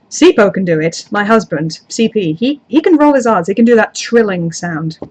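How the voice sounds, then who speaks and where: A woman's voice: mid-range voice, animated, a little fast, few pauses, a little mellow, husky. A woman YouTuber in casual live chat, answering viewer comments in a rambling, chatty way with self-deprecating asides.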